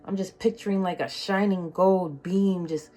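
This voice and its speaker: A woman giving a casual tarot reading, emotional and slangy, swinging between loud excitement and soft near-whispers. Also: on the low side, moderate pace. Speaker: tarot reader.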